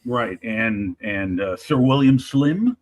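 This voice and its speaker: A man on a chat panel speaking in a measured, slightly formal way with frequent pauses. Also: mid-range voice, expressive, rough recording. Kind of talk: casual chat.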